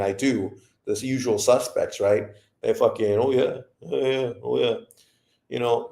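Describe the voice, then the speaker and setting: A boxing livestream host with a mid-range voice, vocal fry and a darkish tone rants through profane commentary in an echoey room.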